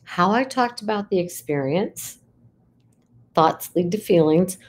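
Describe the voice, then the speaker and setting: A woman's voice: lowish voice, lively intonation, unhurried. A middle-aged woman, a psychologist, talking reflectively to her audience in a conversational way, often checking in with "right?" and rising sharply for emphasis. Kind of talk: reflective talk to camera.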